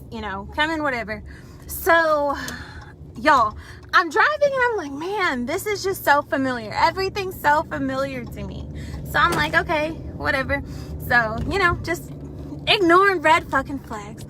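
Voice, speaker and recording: A woman's voice: high voice, pushed and bright. A young woman telling a casual, profane storytime to her viewers from her car, talking in a chatty way and calling them y'all. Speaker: vlogger. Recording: noisy car recording.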